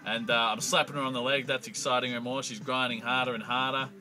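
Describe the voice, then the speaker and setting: A man's voice: medium pitch, level tone, fast talker, pushed and bright, rough recording. Young man, Australian accent, crude and profane, rambling comic storytelling, music in the background. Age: young adult. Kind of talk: comic anecdote monologue.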